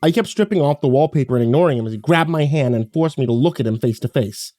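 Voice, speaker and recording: A man narrating a horror story in a measured, grave way. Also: medium pitch, expressive, mellow, dry recording. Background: faint music.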